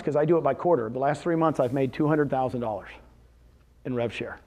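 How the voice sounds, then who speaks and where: High-voiced man giving a sales seminar. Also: normal speed. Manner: animated, quizzes the audience with questions; retells conversations in quoted voices. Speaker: speaker presenting to real estate agents. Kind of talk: live seminar talk. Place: meeting room with a live audience.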